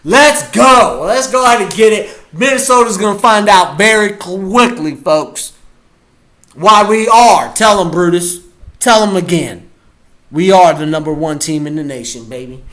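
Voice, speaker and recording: A man reacting to a football game as a fan, hyped and often shouting his cheers. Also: high-pitched, measured pace. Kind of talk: live game reaction vlog.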